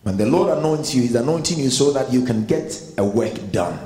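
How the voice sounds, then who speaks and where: A man's voice: mid-range voice, animated, fairly quick, few pauses, warm tone. A Ghanaian man with a Ghanaian accent preaching a sermon as pastor, emphatic and building in force. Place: church hall. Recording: echoey hall with long reverb.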